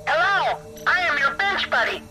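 A man voicing a small helper robot that turns murderous, in a high-pitched electronic voice with flat, polite, repetitive machine phrasing. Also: normal speed, rough recording. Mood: chipper. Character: chirpy small male helper robot, killer. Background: music.

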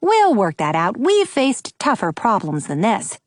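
A woman voicing a confident teenage girl who leads her friends, speaking briskly and with enthusiasm. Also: mid-range voice, huge pitch swings, dry recording. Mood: eager. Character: confident teenage girl club leader, bold.

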